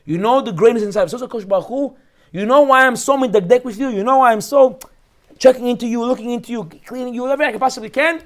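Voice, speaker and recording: A man's voice: extremely high pitch, fast talker. A man teaching a Torah class as a rabbi, speaking emphatically and acting out the people he quotes. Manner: animated, emphatic, acts out quoted voices.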